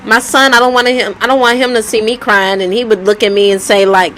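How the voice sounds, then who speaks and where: A woman's voice: on the high side, fairly even intonation, fast, hardly any pauses, a bit bright, slight background noise, rough recording. A woman telling her life story in a candid, conversational way, often repeating herself. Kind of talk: personal storytelling vlog.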